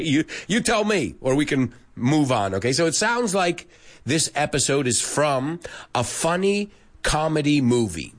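A man teaching English who is sick with a cold, reading out learner comments, correcting mistakes and switching between English and Spanish. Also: medium pitch. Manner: spells out words letter by letter slowly. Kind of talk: live English lesson reading out listener comments.

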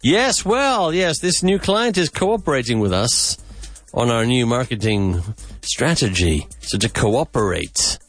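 A man hosting a podcast vocabulary lesson, repeating words slowly and with emphasis. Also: medium pitch, very animated, a bit bright, soft background music. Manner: slow, emphatic repetition of words. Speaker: English teacher and podcast host.

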